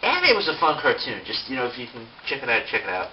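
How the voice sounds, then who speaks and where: A man's voice: medium pitch, wildly swooping pitch, fast talker. A man giving a casual, unscripted toy review, rambling with lots of fillers and self-mocking asides. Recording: distant mic, dull sound, faint hiss.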